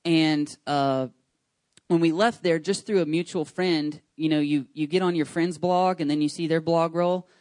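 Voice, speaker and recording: Pastor, man, 30s, chatty and eager, slightly raised pitch, dry close sound. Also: moderate pace, no echo. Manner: chatty, rambling with many fillers and restarts; enthusiastic, excitable. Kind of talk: casual church announcements. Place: church service.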